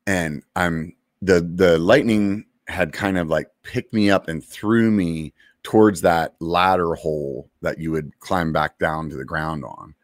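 A man in his forties, a military veteran, casually telling a story from his service, laid-back and profane with lots of fillers and pauses. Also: low voice, fairly even intonation, no room sound, clean studio sound.

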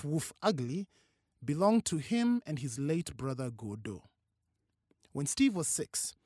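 A narrator reading a novel aloud with expressive, varied delivery. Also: medium pitch, no room sound, studio quality. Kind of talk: audiobook narration.

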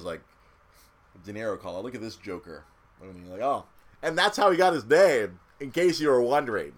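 A man in casual chat recapping a movie, swearing freely and acting out quotes in silly voices. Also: fairly low pitch.

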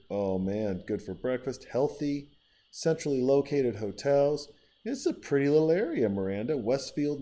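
A man hosting a podcast, chatting casually in a rambling, profane way and giving shout-outs to listeners. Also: on the low side. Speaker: podcast host.

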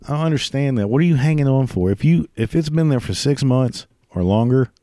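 A man's voice: mid-range voice, expressive, a little fast, mellow. A man delivering a crude, profane comedic rant, swearing constantly and laughing at his own jokes. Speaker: ranting commentator.

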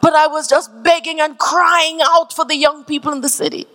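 A woman pastor from Canada preaching a sermon, building to shouted climaxes and repeating key phrases. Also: high voice, steady tone, normal speed.

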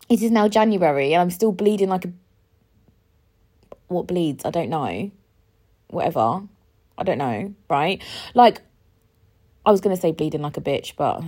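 A young woman in her twenties, talking alone in a rambling, emotional way, often swearing and sometimes rising close to a shout. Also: medium pitch, expressive, normal speed, long pauses, slightly rough. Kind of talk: casual solo monologue.

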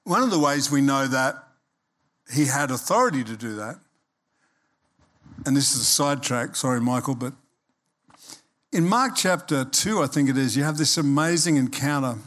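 A man preaching a sermon as pastor, animated and emphatic, acting out quoted voices. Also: medium pitch, moderate pace, long pauses.

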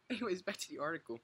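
A man's voice: high-pitched, slightly rough. A man co-hosting a podcast, joking and swearing, speaking thickly and running his words together. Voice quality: thick, mumbled articulation. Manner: excitable, swears a lot, laughs often. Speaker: podcast co-host. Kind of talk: casual podcast banter.

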